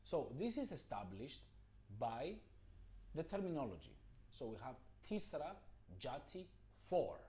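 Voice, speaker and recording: A man's voice: on the high side, wildly swooping pitch, measured pace, mellow. A man teaching a rhythm lesson, explaining patiently and chanting counting syllables. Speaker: music teacher.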